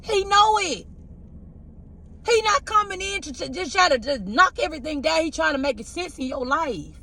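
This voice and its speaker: A tarot reader delivers a heartfelt, preachy spiritual pep talk, confessing her own hurts and often asking viewers if they follow her. Her high voice is gravelly, bright, and forceful. She speaks expressively and a little fast.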